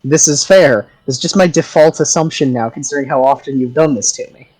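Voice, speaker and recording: A man's voice: a little high, a little fast, a little mellow, husky, poor audio. Theatrical man running the game. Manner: theatrical, self-described drama kid. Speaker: game master. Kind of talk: casual chat during a game break.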